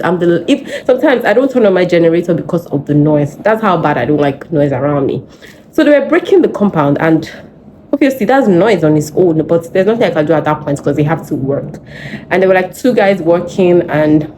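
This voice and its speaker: A young Nigerian-accented woman tells a story to her vlog camera at home, animated and venting. Her voice sits a little low and sounds mellow and warm. A faint noise hums behind her. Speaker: vlogger. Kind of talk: casual vlog chat. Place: home in Lagos.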